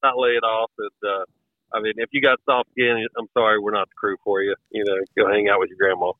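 Appalachian guy rambling thru golf stories, low-ish voice, sounds like a phone line. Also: flat delivery, fast talker, no echo. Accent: Appalachian American. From West Virginia, USA. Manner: folksy, rambling storyteller. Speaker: podcast guest. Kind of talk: casual chat.

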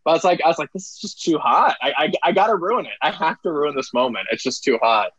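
A man's voice: on the high side, expressive, fast talker, a crowd in the background, rough recording. A man candidly telling crude stories in a casual chat, laughing often, speaking over a video call. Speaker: podcast guest.

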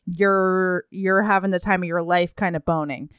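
A woman's voice: on the low side, normal speed, smooth, no room sound. A woman co-hosting a podcast, recapping a story in a casual, comedic way and acting out the characters' lines. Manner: animated, laughing, acting out characters in quotes. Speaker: podcast co-host.

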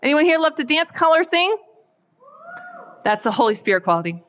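A woman giving a faith talk to a live audience, chatty and animated, often asking the crowd questions. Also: high-pitched, fairly quick. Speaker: speaker at a church event. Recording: long hall reverb.

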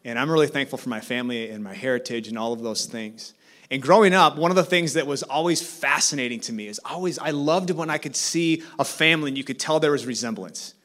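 Guest preacher, man in his 30s, personal testimony told in a storytelling way, mid pitch. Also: quick pace. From South Korea. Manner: storytelling, animated when excited, soft in prayerful parts. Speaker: guest speaker. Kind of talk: testimony sermon.

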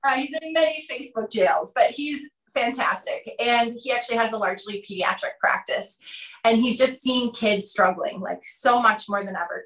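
A woman in her thirties, a podcast guest talking through ideas and acting out quotes in animated storytelling. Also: medium pitch, reverberant, low-quality recording. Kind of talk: conversational interview.

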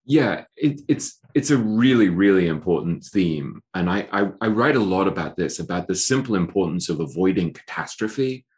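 English guy, deep voice, podcast guest, keeps restarting sentences, kinda self-deprecating. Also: animated, moderate pace, hardly any pauses, a little mellow. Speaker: author and guest. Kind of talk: podcast interview.

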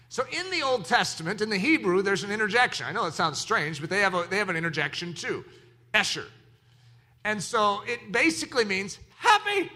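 A middle-aged man preaching to his congregation with a strikingly sharp, bright voice. He is animated and lively, dropping to near-conversational asides before rising into shouted exclamations. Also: high voice, brisk. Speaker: pastor. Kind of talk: sermon.

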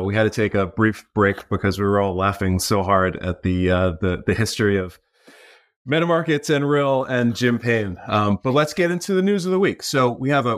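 Sex: man. Role: co-host. Pitch: low. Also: no room sound, studio quality. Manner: relaxed, chuckling, with many fillers. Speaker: podcast co-host. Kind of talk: casual interview chat.

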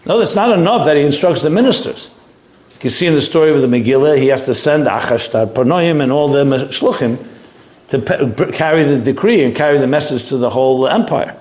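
A man's voice: medium pitch, animated, a little fast, a little mellow. A man teaching a text study lesson, thinking aloud with restarts and mixing in Hebrew terms. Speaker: Torah teacher. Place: study hall classroom.

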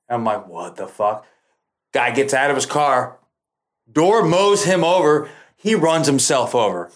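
Animated, swearing man telling a story. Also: medium pitch, unhurried. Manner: profane, animated, acts out quoted lines. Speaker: podcast guest. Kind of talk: casual storytelling.

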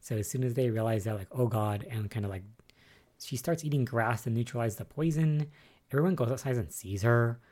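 Speaking a little fast in a medium-pitched voice, a podcast host chats casually on their own about soap episodes. They ramble and think aloud with frequent fillers, excitable but mindful of spoilers.

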